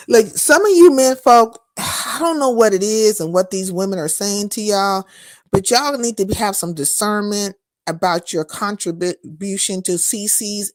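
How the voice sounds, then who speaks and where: A woman live streaming, chatting casually with her viewers and answering their comments in a blunt, profane, animated way. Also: mid-range voice, dry recording, clean studio sound. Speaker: live streamer and content creator.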